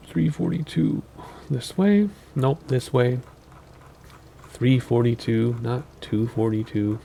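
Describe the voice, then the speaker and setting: A man's voice: lowish voice, gravelly, mellow, a little hiss or hum. A tired, sleep-deprived man hosting a flight sim channel, giving casual, rambling gameplay commentary with many ums and self-corrections.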